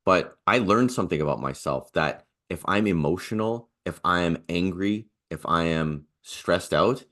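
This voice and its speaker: A man's voice: deep voice, lively intonation, moderate pace, fairly bright tone. A man who is a guest on a podcast, telling stories in an earnest, casual way. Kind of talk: casual conversation.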